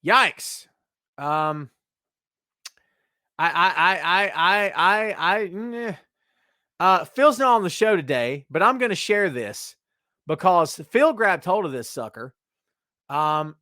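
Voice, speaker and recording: Animated, higher-pitched male podcast host. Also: dry recording, clean studio sound. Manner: emphatic, addresses listeners as kids. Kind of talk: opinionated live-stream commentary.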